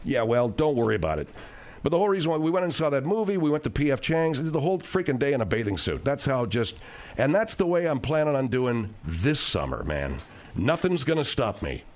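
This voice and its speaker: A man's voice: medium pitch, big pitch swings, a little fast, a little mellow. A man hosting a radio talk show, telling rambling, digressive stories with frequent restarts.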